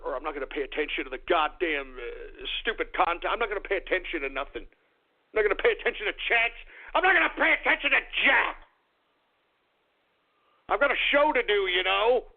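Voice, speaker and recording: A man's voice: sits high, animated, fairly quick, vocal fry. A man hosting a radio talk show, ranting in an agitated, swearing, stammering way. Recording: tinny phone-like radio audio.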